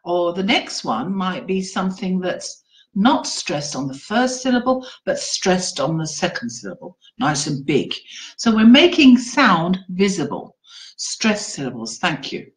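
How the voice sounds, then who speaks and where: A woman teacher trainer presenting an online webinar in an animated, encouraging classroom-teacher manner. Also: lowish voice, a little slow, rough recording.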